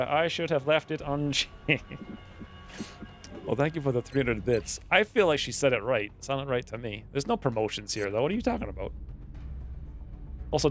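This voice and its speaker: A man streaming a strategy game, thinking aloud in a rambling, playful way as casual gaming commentary. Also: mid-range voice.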